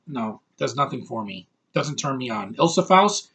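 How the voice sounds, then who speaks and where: A man's voice: medium pitch, lively intonation, normal speed, a bit bright, slightly rough. A young man giving a brash, over-the-top movie review, ranting and swearing as he talks.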